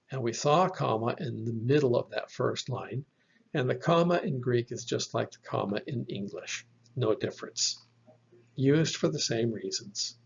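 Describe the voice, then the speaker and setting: A man walks through a slide lesson at an unhurried pace, patient and a little halting with his fillers. His voice is gravelly and husky. The recording sounds dull and lo-fi. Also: mid-range voice. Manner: slow, patient explaining with fillers. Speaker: Bible language teacher. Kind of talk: slide lecture.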